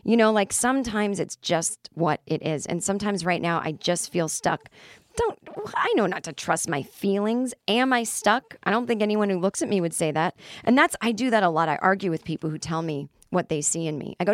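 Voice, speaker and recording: A woman's voice: on the low side, a little fast, dry recording, clean studio sound. Candid, self-mocking woman podcast host. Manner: candid, self-mocking, acts out her own inner voice. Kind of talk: solo podcast monologue.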